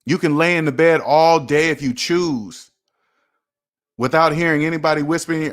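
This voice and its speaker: A fairly high-pitched man talking at normal speed delivers a motivational livestream for his personal finance channel. He speaks right to the viewers, emphatic and preachy, repeating himself often.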